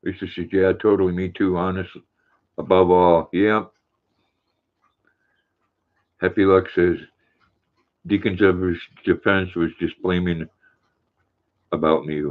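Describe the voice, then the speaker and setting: A man's voice: deep voice, little pitch movement, slow pace, long pauses. An older man hosting a livestream, reading viewer chat aloud in a folksy, chatty way. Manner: folksy, warm with his dog, chatty. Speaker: livestream host. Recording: tinny phone-like sound.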